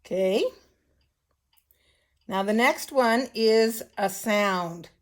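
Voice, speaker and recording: Slow patient older woman teaching phonics. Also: mid-range voice. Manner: slow, patient, sounding out words for children. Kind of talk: children's phonics lesson.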